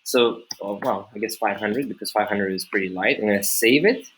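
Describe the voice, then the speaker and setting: A man's voice: fairly low pitch, brisk, fairly bright tone, a little hiss or hum, poor audio. A man hosting a screen-recorded coding tutorial, talking casually to viewers, thinking aloud with many fillers and restarts and asking rhetorical questions. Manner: talks straight to viewers, asks rhetorical questions.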